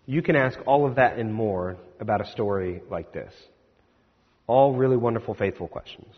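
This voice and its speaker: Husky-voiced man preaching in an echoey hall. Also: fairly low pitch, normal speed. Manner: conversational storytelling with rhetorical questions. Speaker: pastor. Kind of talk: sermon. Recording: echoey hall, slightly dull.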